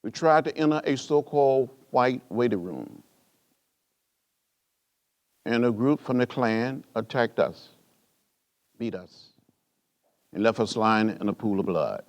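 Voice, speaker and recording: At an indoor gala, a man in his 70s from rural Alabama gives an award speech that shifts from storytelling to stirring oratory. His animated voice moves slowly with long pauses, taking on a preacher-like cadence of rising, repeated phrases and big pitch swings.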